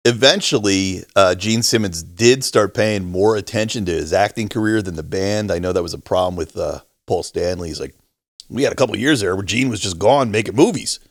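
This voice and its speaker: A man's voice: brisk, no echo, studio quality. A middle-aged man co-hosting a casual podcast, telling a story and acting out other people's lines with big jumps in his voice. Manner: animated storyteller, acts out quotes with big pitch jumps. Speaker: podcast co-host. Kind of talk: casual chat.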